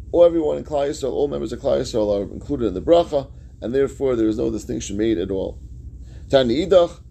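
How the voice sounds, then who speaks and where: A man's voice: medium pitch, creaky, warm tone, a little hiss or hum. A man teaching a Talmud class, reading each phrase of the text and then explaining it in plain words.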